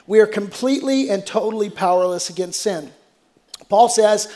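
High-voiced man preaching a sermon. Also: lively intonation, moderate pace. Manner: storytelling with humor, emphatic repetition. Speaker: pastor.

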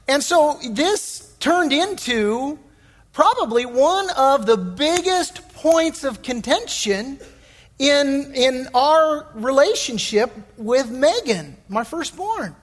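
A middle-aged man preaching a sermon as pastor, telling stories in a folksy, animated way with many restarts. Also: very high-pitched, slow pace, in a large hall. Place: church sanctuary.

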